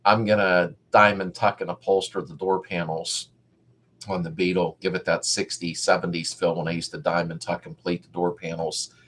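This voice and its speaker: A man's voice: low-pitched, level tone, moderate pace, fairly bright tone. A middle-aged man hosting a casual live stream, rambling as he reads viewers' comments aloud and greets them by name.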